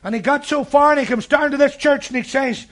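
A man preaching a sermon, telling a story with fervour and breaking into shouts. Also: very high-pitched, a little fast. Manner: fervent, rising to shouts.

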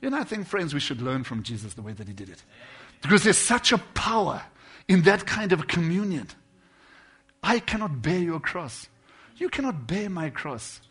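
A man delivers a heartfelt sermon in a somewhat high, husky voice. He speaks with earnest conviction, drawing his listeners close with soft, confiding phrases before building to forceful, ringing emphasis. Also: very animated, moderate pace. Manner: earnest, swings from quiet intimate lines to loud emphatic bursts. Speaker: preacher.

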